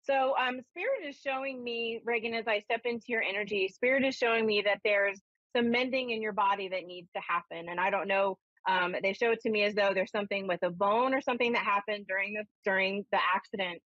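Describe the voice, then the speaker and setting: A woman's voice: medium pitch, a little fast, no echo. Chatty woman medium on muffled radio. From Ohio. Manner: chatty, animated storyteller with frequent fillers. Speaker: psychic medium and spiritualist minister. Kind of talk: live call-in radio reading, storytelling.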